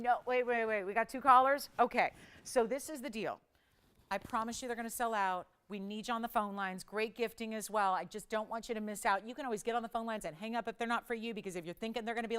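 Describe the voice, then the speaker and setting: A woman hosting a live jewelry shopping show, pitching pieces with enthusiastic urgency and gushing praise. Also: fairly bright tone, smooth. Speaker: shopping channel jewelry host.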